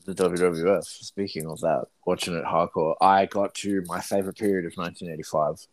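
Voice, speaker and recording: A man co-hosting a podcast, telling stories in an animated way and swearing freely in casual chat. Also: low-pitched, fairly quick, slight background noise. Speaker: podcast co-host.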